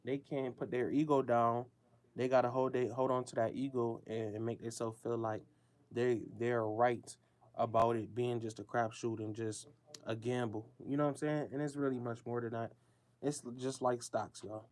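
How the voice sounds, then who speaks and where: A man's voice: medium pitch, level tone, normal speed, a little mellow. A man hosting a show, talking in a casual, emphatic, slangy monologue with a lot of repetition.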